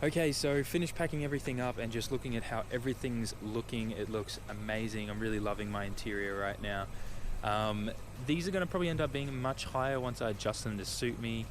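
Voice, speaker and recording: A man's voice: mid-range voice, a little fast. A man streaming to his viewers in a casual, rambling, upbeat way with many fillers, talking outdoors beside his parked car. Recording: outdoor noise behind the voice.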